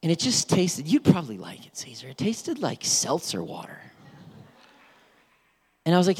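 A man preaching a sermon as pastor, animated and playful, with storytelling asides. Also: on the high side, a little fast, breathy edge. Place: church sanctuary.

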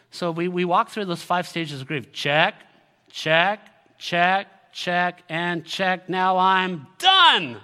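A man's voice: a little high, fairly bright tone. A man giving a sermon as a pastor, earnest and direct, building to emphatic peaks. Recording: long hall reverb.

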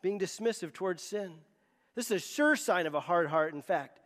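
A man's voice: high-pitched, lively intonation, moderate pace, a bit bright, big-room sound. A man preaching a sermon as pastor, emphatic and often repeating words as he presses a point.

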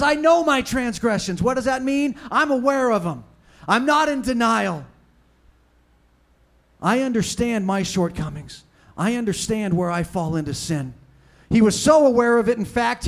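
A male pastor preaching a sermon, swinging between fervent loud passages and hushed, intimate ones. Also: extremely high pitch.

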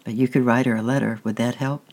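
A reader voicing a kindly old woman neighbor who speaks softly and slowly to comfort a child. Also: very deep voice, fairly even intonation. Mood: gentle, reassuring. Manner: soft, quiet and slow, reassuring.

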